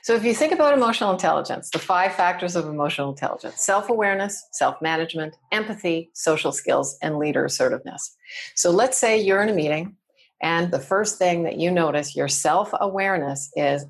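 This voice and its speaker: Woman, low husky voice, podcast guest coaching on workplace skills, animated. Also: a little fast. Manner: animated, acts out example phrases. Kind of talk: conversational teaching.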